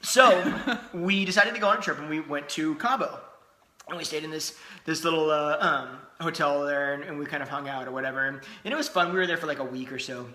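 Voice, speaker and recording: A man with a high, very bright voice tells a funny story with his wife, animated and quick to laugh, with plenty of restarts. The room sounds echoey. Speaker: podcast co-host. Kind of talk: casual storytelling chat.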